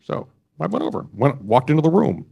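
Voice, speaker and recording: An older man giving an award acceptance speech, telling stories in a measured, anecdotal way. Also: a little high, sing-song, creaky, slightly rough, dull audio. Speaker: award honoree. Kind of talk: after-dinner speech.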